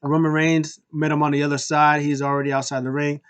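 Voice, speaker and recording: Animated man recapping wrestling. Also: a little high, clear, resonant tone, dull audio. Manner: animated, acts out wrestlers' lines in quick impressions. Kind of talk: casual recap commentary.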